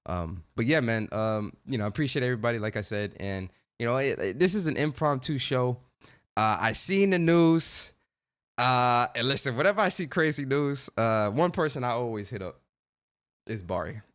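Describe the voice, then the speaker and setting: A man's voice: mid-range voice, lively intonation, moderate pace, fairly bright tone. A young man hosting a casual gaming livestream, chatting in laid-back slang, greeting viewers by name and laughing often.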